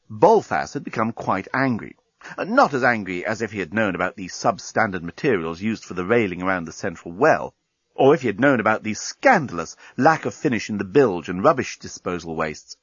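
A man's voice: on the low side, fairly bright tone, slightly rough, dry recording, lo-fi sound. A man narrating an audiobook in a dry, wry manner.

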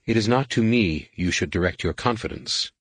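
A weary female alien adept, proud and reserved, giving brisk formal orders, as a man voices her. The storybook voice sits low and husky on a dry close sound. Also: no room sound, lightly acted.

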